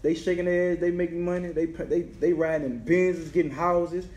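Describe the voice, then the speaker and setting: A man's voice: on the high side, steady tone, a little fast, darkish tone. A man, a rapper guest talking in emphatic street slang. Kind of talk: casual chat. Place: indoor room on camera. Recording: roomy echo.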